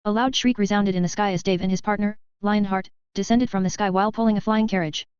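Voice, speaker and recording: A woman reading a web novel as an audiobook in a quick, even narration with barely changed character voices. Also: medium pitch, clear, resonant tone, dry recording. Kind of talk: scripted narration. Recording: slightly dull, dry sound.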